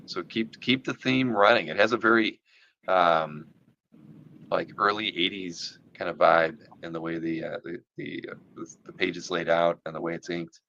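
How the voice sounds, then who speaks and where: Gravelly low-voiced man, rambling. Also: steady tone, normal speed, sharp tone, muffled recording, slight background noise. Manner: rambling, enthusiastic, many fillers and restarts. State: losing his voice. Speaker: podcast host. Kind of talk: casual chat.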